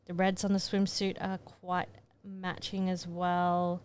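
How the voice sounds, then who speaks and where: A woman photographer talks casually through her editing steps, chatting and muttering to herself as she works in an editing tutorial. Her voice is fairly low and monotone, and she takes it slowly. There's slight background noise.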